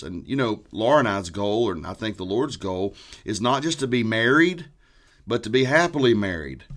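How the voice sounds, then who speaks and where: Pastor, lower-pitched man, earnest conversational preaching. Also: fairly bright tone. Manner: earnest, scripture-quoting.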